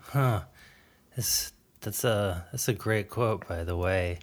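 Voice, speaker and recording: A man's voice: low-pitched, takes it slowly. Chatty man hosting a podcast. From New Jersey. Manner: chatty, self-deprecating, laughs often. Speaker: podcast host. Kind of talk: casual podcast interview.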